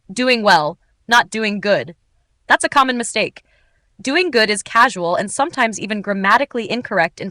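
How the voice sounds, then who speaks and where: A woman teaching English in an upbeat, clearly articulated, scripted narration. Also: fairly high pitch, bright, forceful tone, no echo.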